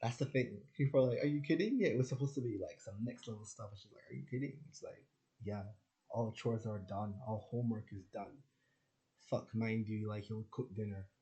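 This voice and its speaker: A man's voice: lowish voice, steady tone, normal speed, mellow, highs cut off. A man from Jamaica ranting in a casual monologue, rambling with lots of restarts and swearing. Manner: rambling, profane, frequent "like" and restarts. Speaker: spiritual content creator.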